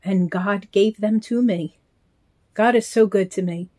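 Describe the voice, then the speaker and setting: A woman's voice: medium pitch, measured pace. Older woman gushing to her phone camera. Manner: gushing, warm-hearted, with filler ums. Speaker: reborn doll collector vlogger. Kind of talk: casual chat to camera. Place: small bedroom at home. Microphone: handheld phone.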